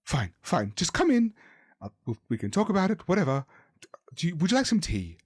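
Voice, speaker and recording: A man's voice: huge pitch swings, brisk, no echo, clean studio sound. A man voicing a stern, nervous older woman with a wispy voice in a tabletop game. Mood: grudging. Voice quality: wispy, high, fussy.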